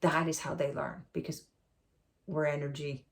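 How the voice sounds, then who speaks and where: A middle-aged woman giving a talk to new puppy owners, emphatic and repetitive, breaking into a high sing-song praise voice. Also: level tone, moderate pace, vocal fry. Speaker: puppy trainer.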